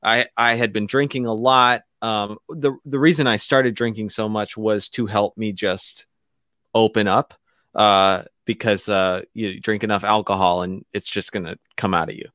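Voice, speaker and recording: A man telling a candid, emotional personal story as a guest on a radio talk show, halting often and restarting his sentences. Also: lowish voice, fairly even intonation, fairly bright tone, no echo, studio quality. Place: radio studio.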